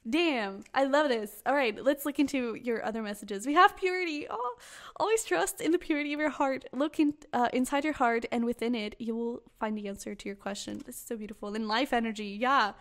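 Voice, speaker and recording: Young female tarot reader, bubbly and chatty, slightly high voice, laughs easily. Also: a little fast. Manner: bubbly, rambling, laughs often. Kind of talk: casual tarot reading to camera.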